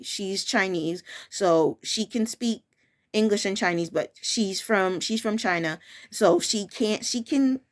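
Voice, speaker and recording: A young woman who works as a preschool teacher talks casually and frankly, with a firm tone and many restarts and self-corrections. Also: mid-range voice. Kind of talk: casual personal storytelling.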